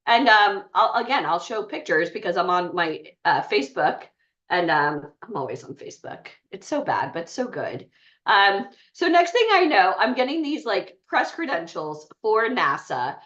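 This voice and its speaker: A woman's voice: mid-range voice, a bit bright. A woman giving a blunt, chatty motivational talk to an audience, often asking the room questions. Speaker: bootcamp speaker. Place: event room. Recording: muffled sound from far off.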